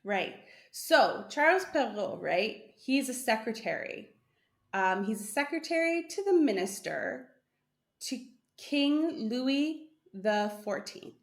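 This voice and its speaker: A woman co-hosts a podcast in casual, easygoing chat, her fairly high voice full of lively intonation. She takes her time, talks loosely with lots of fillers, and laughs often.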